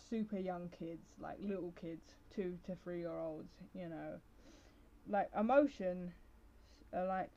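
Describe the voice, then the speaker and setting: A young adult woman talks casually on her solo podcast, rambling and restarting her thoughts with plenty of fillers. Her voice sits at a middle pitch. The recording is a little dull and lo-fi. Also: darkish tone. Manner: rambling, full of fillers and self-interruptions. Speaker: podcast host.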